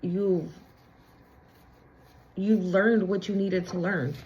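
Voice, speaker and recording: Young woman, relaxed unhurried spiritual reader, emphatic slangy chatter, slightly muffled home recording. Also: lowish voice, a little hiss or hum. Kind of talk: casual tarot-style channeled reading.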